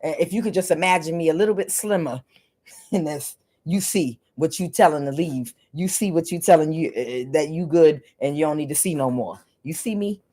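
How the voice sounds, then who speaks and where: A woman putting on a swaggering former athlete man, bragging loudly and mockingly. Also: rumbling low, measured pace, breathy edge, heavily acted. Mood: boastful. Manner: loud, mocking, exaggerated bragging.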